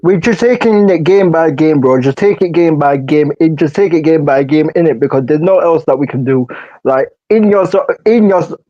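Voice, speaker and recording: High-voiced man ranting about football. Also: moderate pace, mellow, muffled recording. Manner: ranting, repeats phrases, slangy. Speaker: podcast co-host. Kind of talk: casual football chat.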